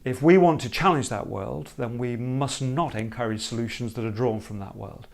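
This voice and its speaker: A man explaining a creative problem-solving method in an emphatic, animated teaching talk. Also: medium pitch, normal speed, vocal fry. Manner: emphatic, animated, acts out hesitant problem owners.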